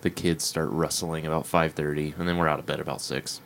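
A man's voice: extremely low pitch, flat delivery, a little fast, vocal fry, fairly bright tone. A man chatting casually on a podcast, speaking in dry, short quips. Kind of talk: casual chat.

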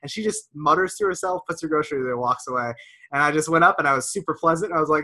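Fast, bright-voiced ranting man. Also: on the high side. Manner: profane, ranting storyteller, lots of "dude". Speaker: podcast co-host. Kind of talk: casual podcast chat.

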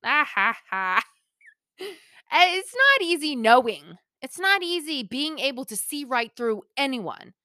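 A woman's voice: high voice, very animated, a little slow, sharp tone, no echo, clean studio sound. A woman hosting a motivational solo talk, chatty and playful, laughing often and speaking straight to her listeners.

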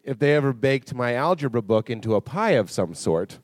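Man, comedy podcast guest, animated storytelling, lively pitch, dry sound. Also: brisk, no room sound. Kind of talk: casual comedy podcast chat. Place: live stage show.

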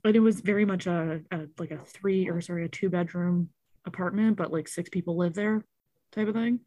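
A woman's voice: lowish voice, brisk, no room sound. A woman telling a story in casual chat, acting out the people in it and swearing freely. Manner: animated, acts out quotes, swears often.

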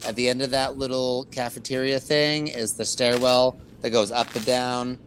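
A man's voice: medium pitch, level tone, moderate pace, a bit bright, poor audio. Man, podcast co-host, casual, describing a place, faint noise. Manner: describing places in detail, joking. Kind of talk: casual chat.

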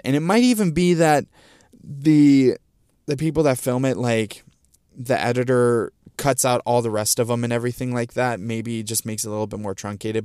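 A man's voice: mid-range voice, darkish tone, smooth, dry recording, clean studio sound. A middle-aged man hosting a casual solo podcast, rambling with many ums and restarts, fighting hiccups and a scratchy throat. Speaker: podcast host.

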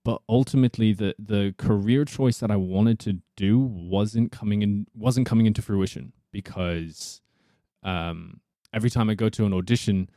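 A man's voice: fairly low pitch, moderate pace, mellow, no echo, clean studio sound. A young man from South Africa, an actor, talking casually and rambling as an interview guest. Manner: rambling, thinks aloud.

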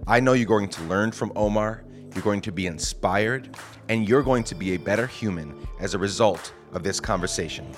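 A man's voice: fairly low pitch, moderate pace, soft background music. A man hosting a podcast with a casual, joking manner and a groggy morning voice. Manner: jokey, casual, self-deprecating. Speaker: podcast host. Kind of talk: conversational podcast interview.

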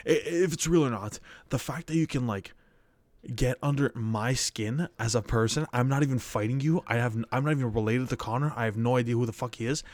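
A young man talking fast and heated in a casual chat. He swears freely and his voice jumps up when he gets worked up. The sound is dry and close, with no room around it. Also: mid-range voice, no room sound. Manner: heated, swears a lot, rising to loud outbursts.

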